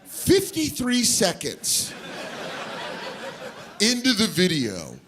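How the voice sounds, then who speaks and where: A middle-aged man doing a stand-up comedy routine, loud and animated, breaking into shouted put-on voices. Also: high voice, extremely slow. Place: comedy club stage before a laughing audience. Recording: live club recording with crowd noise.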